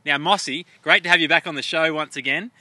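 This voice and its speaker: A man's voice: a little high, fast talker, sharp tone, dry recording. An Australian man co-hosting a jokey sports show outdoors at a stadium, with a mock-formal presenter patter. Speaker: co-host.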